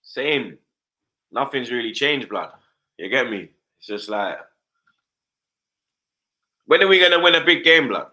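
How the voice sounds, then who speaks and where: A man's voice: medium pitch, expressive, measured pace, long pauses, sharp tone. A man ranting as a football fan pundit on a live stream, loaded with slang and repeated "you understand?".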